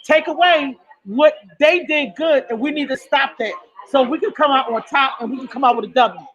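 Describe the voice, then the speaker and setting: A woman's voice: sits high, normal speed, a bit bright, lo-fi sound. A woman who is a football fan guest, chatting in an exuberant, passionate, emphatic way. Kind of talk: casual chat.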